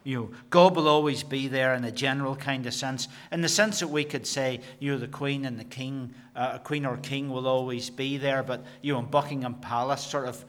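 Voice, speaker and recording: Man preaching a sermon, measured emphasis. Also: medium pitch, steady tone, fairly bright tone. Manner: slows down and stresses key phrases; repeats words and restarts.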